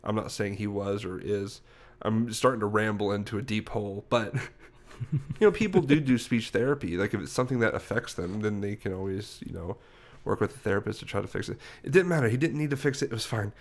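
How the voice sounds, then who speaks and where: A man's voice: lowish voice, a little fast, hardly any pauses. A young man co-hosting a podcast, telling a story in a rambling, self-correcting way. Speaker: podcast host. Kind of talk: casual podcast chat.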